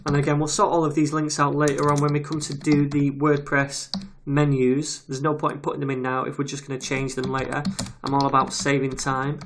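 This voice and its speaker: Typing and keyboard clicks fill the background as a man teaches web development in a screen-recorded tutorial. His voice is on the high side and a bit bright, and he talks briskly with few pauses in a completely flat delivery, casually chatting and reading details aloud as he types.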